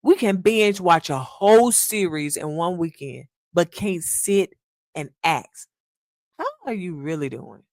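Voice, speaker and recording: A woman's voice: lowish voice, animated, unhurried, a little mellow, no room sound, clean studio sound. A woman hosting a podcast in an earnest, casual monologue, calling listeners "y'all" and acting out little quotes. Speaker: podcast host.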